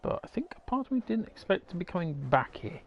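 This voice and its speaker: A man's voice: sits high, sing-song, quick pace, creaky, highs cut off, slight background noise. A man giving rambling, casual commentary while playing a game, swearing now and then. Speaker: gamer.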